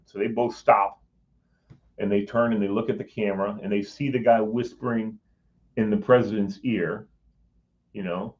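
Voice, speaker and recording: Speaking in a lowish, steady, slightly mellow voice, a former Hill staffer tells his own story at a moderate pace with long pauses. He wanders casually, swears at times, and performs other people's words; the recording is dull and lo-fi.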